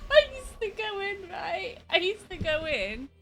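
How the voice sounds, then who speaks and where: A woman chatting casually on a live stream, giggly and animated, swearing freely as she tells stories. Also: very high voice, a little slow, faint music behind. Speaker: streamer's wife, co-host.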